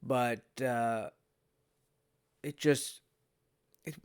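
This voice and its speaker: A man's voice: mid-range voice, fairly even intonation, drawn-out words, clean tone, dry recording, studio quality. A man giving a casual spoken review in a rambling way with many restarts, interrupted by hiccups. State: has the hiccups. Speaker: video reviewer.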